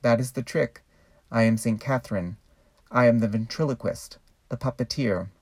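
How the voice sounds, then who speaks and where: Brief: man, mid-pitched, theatrical spoken-word monologue, measured and ironic, close dry sound. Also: no echo. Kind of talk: performed poetic monologue.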